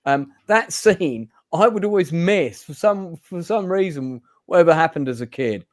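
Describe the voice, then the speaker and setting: A man's voice: a little high, expressive, moderate pace, no room sound, studio quality. A man hosting a casual film review chat, hesitant with many fillers. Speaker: host.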